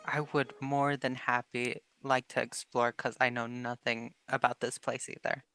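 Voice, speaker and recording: A man's voice: mid-range voice, moderate pace, clear, resonant tone. Casual man playing a tabletop game. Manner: casual, hesitant, excitable. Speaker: player.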